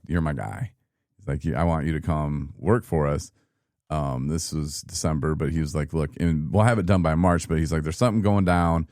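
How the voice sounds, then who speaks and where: A man in his thirties from Michigan, telling his own story in a casual, animated podcast chat and acting out what people said. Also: extremely low pitch, no room sound, clean studio sound. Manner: animated, laughing, acts out quoted people. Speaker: podcast guest.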